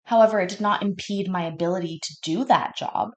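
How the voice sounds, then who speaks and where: A woman's voice: medium pitch, fairly quick. A woman, stoned, telling rambling, profane stories as she reacts to a court show. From Canada. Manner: chatty, profane, easily sidetracked. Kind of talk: casual rambling storytelling.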